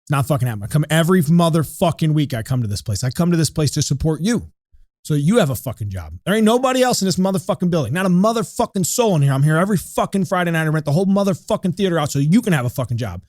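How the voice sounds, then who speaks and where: A man's voice: fairly high pitch, big pitch swings, racing, a little mellow, no echo, clean studio sound. A man telling a heated, profane story on a podcast. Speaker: podcast co-host. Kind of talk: animated storytelling.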